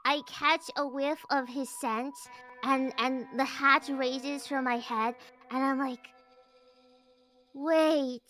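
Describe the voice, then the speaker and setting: Very high, slow-talking woman player, theatrical, music loud behind. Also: steady tone. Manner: theatrical, insult-spewing, slow drawl. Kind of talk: in-character role-play.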